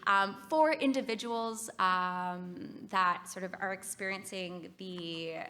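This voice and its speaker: Bright upbeat Canadian woman presenter. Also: mid-range voice, takes it slowly. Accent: Canadian English. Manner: upbeat, encouraging, leads the audience in exercises. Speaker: music therapist presenter. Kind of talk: conference presentation. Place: conference hall.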